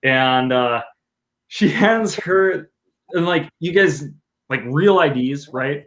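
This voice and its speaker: A man with a somewhat high voice tells an anecdote on a casual podcast. He is animated and jokey and slips into acted-out quotes as he goes. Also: slow. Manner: animated, joking storyteller who acts out quotes.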